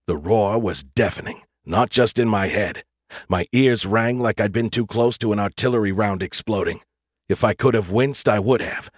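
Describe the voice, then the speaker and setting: A man narrating a first-person science fiction audiobook in a steady, earnest storytelling voice. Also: on the low side, normal speed.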